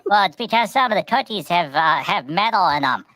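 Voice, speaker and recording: A woman hosting a comedy show, telling silly stories in a halting, rambling way. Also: on the low side, animated, bright, forceful tone, no room sound, rough recording. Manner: halting, many restarts and "you know". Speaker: host. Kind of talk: rambling comic storytelling.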